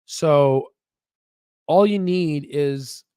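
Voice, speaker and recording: A man hosting a casual stock market video, rambling and excitable, with frequent profanity and restarts. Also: fairly high pitch, very slow, smooth, dry recording, studio quality. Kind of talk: casual market commentary with screen share.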